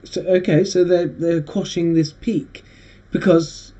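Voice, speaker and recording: A man hosting a casual monologue, rambling and halting with frequent restarts. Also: on the high side, steady tone, dark tone. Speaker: host. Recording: dull lo-fi recording.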